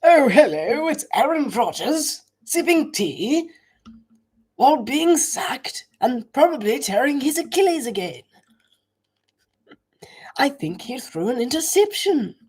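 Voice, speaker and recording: A man's voice: very high voice, big pitch swings, slow pace, a little mellow, husky, voice pushed up, full character voice, poor audio. A man voicing a mock posh male sports commentator in a put-on British accent, joking and half-whispered.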